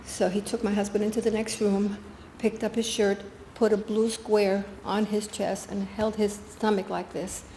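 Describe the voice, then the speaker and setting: A woman's voice: mid-range voice, little pitch movement, normal speed, hardly any pauses, dark tone, slight background noise. An older woman giving a guest talk, earnestly telling a personal story with quoted dialogue. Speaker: guest speaker. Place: spiritual center meeting room. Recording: echoey room with faint ambience.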